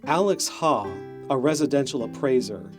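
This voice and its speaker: A man reading scripted documentary narration in a measured, explanatory tone. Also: medium pitch, expressive. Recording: narration over guitar music.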